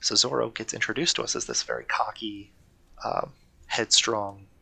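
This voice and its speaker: A man's voice: on the low side, sing-song, moderate pace, vocal fry, sharp tone, breathy edge. A man co-hosting a casual podcast, talking eagerly and rambling, often correcting himself. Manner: enthusiastic, rambling, self-correcting. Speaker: podcast co-host.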